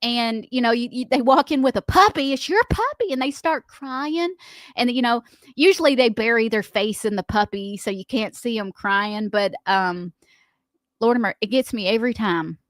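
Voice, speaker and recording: Lady cohosting morning radio, kinda high voice, dry studio mic, chatty. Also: moderate pace, dry recording. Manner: chatty storyteller, laughs often, acts out quotes. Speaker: radio show co-host. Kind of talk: casual morning radio chat. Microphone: studio microphone.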